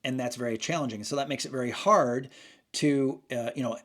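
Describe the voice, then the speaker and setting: A man's voice: medium pitch, brisk, fairly bright tone. Man, channel host, casual monologue, rambling, restarts and self-corrections.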